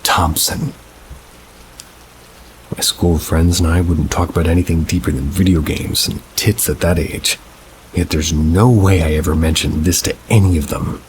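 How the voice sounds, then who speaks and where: Deep-voiced man narrating ghost stories. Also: fairly even intonation, normal speed, noisy background. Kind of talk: reading first-person paranormal stories.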